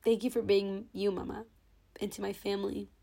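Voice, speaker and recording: A young woman hosts her podcast alone in front of her camera, speaking with open sentiment. She sounds close to tears but keeps talking steadily, her voice at an ordinary middle pitch. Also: level tone, moderate pace, gravelly, dark tone. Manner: sentimental, tearful but holding back. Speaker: podcast host. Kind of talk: heartfelt podcast monologue. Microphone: own camera.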